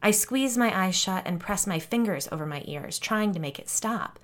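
A woman narrating a first-person audiobook, expressive and dropping low and soft on tense moments. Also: normal speed.

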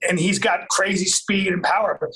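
A man's voice: high voice, fairly even intonation, normal speed, pushed and bright, poor audio. A man in emphatic casual chat who swears and repeats himself.

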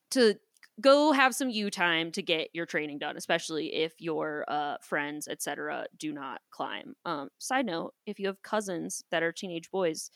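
Animated woman telling stories, dry sound. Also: on the low side, no echo. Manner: animated storytelling, acts out quoted people, swears casually. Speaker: podcast co-host. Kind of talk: casual chat.

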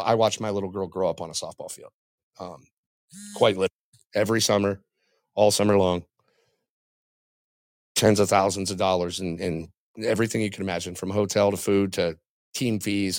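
A middle-aged man, a podcast guest, sharing a personal faith testimony in a halting, heartfelt way with frequent pauses and restarts. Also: lowish voice, no echo.

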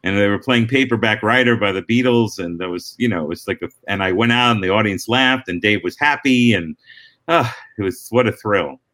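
A middle-aged man, a comedian, answering interview questions in relaxed storytelling with frequent restarts and asides. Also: lowish voice, brisk. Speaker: comedian and former talk-show warm-up act.

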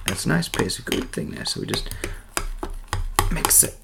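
Gravelly whispering man making a drink. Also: medium pitch, wildly swooping pitch, moderate pace, heavy background noise. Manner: soft whispering, chatty and giggly. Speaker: ASMR creator. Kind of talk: whispered ASMR cooking demo. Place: home kitchen. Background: cutlery and dish clatter.

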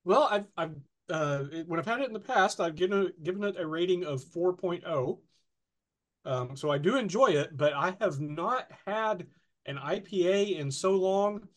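Lively, laughing woman co-host. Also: on the low side, normal speed. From North Alabama, US. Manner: hesitant, lively, laughs easily. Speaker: podcast co-host. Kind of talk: casual chat.

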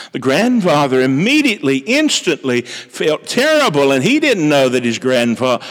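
Expressive male preacher in a reverberant hall. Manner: storytelling, dramatic shifts in pitch and pace. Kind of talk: sermon.

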